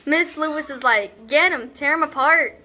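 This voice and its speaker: A woman's voice: sits high, moderate pace, pushed and bright. Young woman playing a scornful rambling teen girl. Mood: exasperated. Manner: sarcastic, rambling, full of "like". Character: brash teenage girl, scornful, rambling storyteller. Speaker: student actor. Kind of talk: comedic stage monologue.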